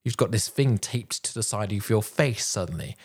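A man coaching public speaking, talking in a projected, deliberate way with pauses, recorded on a microphone while wearing headphones. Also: on the low side, lively intonation, husky. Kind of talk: instructional talk to camera. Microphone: headphones and a normal microphone.

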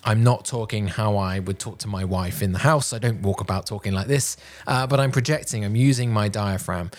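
A man coaching public speaking, talking in a projected, deliberate way with pauses, recorded on a microphone while wearing headphones. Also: on the low side, a little mellow, faint music behind. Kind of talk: instructional talk to camera. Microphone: headphones and a normal microphone.

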